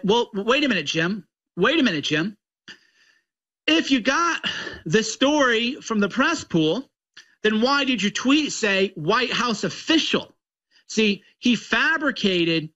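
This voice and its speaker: Guy ranting mockingly, kinda high voice, muffled lo-fi sound. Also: bright, forceful tone. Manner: mocking, combative. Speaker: political commentator. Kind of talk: ranting commentary.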